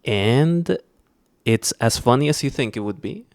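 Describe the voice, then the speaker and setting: A man co-hosting a podcast, giving measured, sardonic commentary with frequent pauses on a close mic. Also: mid-range voice, expressive, no echo. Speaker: podcast co-host. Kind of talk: casual critical commentary.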